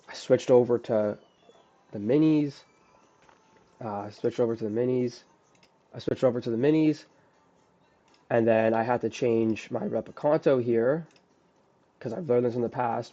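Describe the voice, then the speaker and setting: A man's voice: medium pitch, gravelly, mellow, lo-fi sound. A man bluntly and profanely going over his own trade mistakes in a casual recap, restarting his sentences often. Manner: blunt, profane, self-critical, frequent restarts. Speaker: day trader.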